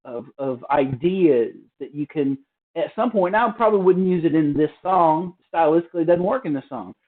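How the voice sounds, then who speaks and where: A man giving a relaxed, casual drum lesson from a hotel room, explaining with fillers and restarts. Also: fairly high pitch, normal speed, phone-quality sound. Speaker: drum teacher. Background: drum practice pad.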